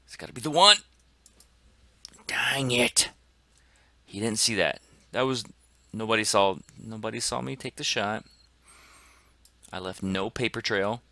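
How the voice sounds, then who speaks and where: A man commenting excitedly on his gameplay as a gaming channel host, dropping to whispers and bursting into shouts. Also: lowish voice, moderate pace, pauses often, no room sound. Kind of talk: let's play commentary.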